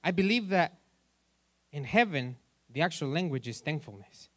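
A man's voice: a little high, lively intonation, normal speed, fairly bright tone, no echo. A male pastor preaching in a church in a loose, joking way, asking the congregation questions as he goes. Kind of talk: sermon.

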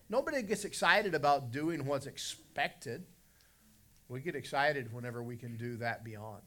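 Bright-voiced joking pastor preaching. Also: male voice, a little high, fairly quick. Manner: folksy, joking preacher who acts out silly voices. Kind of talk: sermon.

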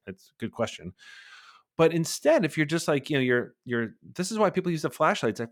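A man in his forties talks as a guest on an interview podcast. He speaks fast and with animation, and he often slips into little acted bits of dialogue. His pitch sits mid-range. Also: big pitch swings. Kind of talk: conversational interview.

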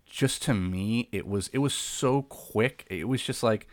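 Man, podcast co-host, very low voice, blunt casual talk, dry sound. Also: measured pace, no echo. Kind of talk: casual wrestling podcast chat.

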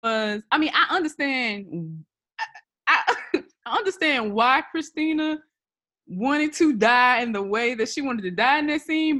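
Animated, high-voiced woman co-hosting. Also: a little slow. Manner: animated, swearing, laughing often. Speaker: podcast co-host. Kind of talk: casual chat recapping a TV show.

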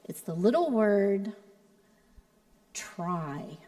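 A woman's voice: medium pitch, very animated, drawn-out words, mellow, big-room sound, slight background noise. A woman pastor giving a sermon in a conversational, playful way, with joking asides to the congregation. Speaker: creative arts pastor.

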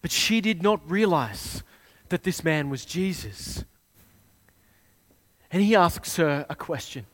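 A man preaching a sermon, retelling a scene with dramatic swings between hushed and loud delivery. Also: a little high, sing-song, takes it slowly.

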